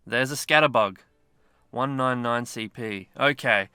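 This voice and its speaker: A man's voice: mid-range voice, a little slow, pushed and bright, smooth, no echo, studio quality. A man giving casual, rambling gameplay commentary with self-mocking asides. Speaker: mobile game YouTuber.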